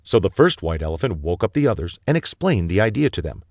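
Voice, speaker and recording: Deep-voiced man reading a storybook. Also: very animated, darkish tone, a little hiss or hum. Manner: measured, vivid narration. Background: background music.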